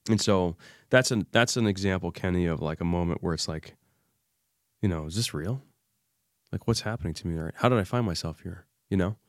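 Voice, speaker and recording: A man as an interview guest, recounting a personal crisis in an animated way and acting out the dialogue he remembers. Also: low voice, fairly quick, no room sound, studio quality. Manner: animated retelling, acts out remembered dialogue, many fillers. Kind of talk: emotional personal storytelling.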